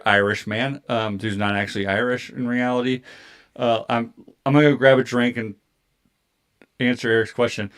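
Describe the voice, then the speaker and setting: Male podcast co-host, 30s, casual storyteller, animated, rambling with fillers. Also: medium pitch, normal speed. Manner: animated, heavy filler words and swearing.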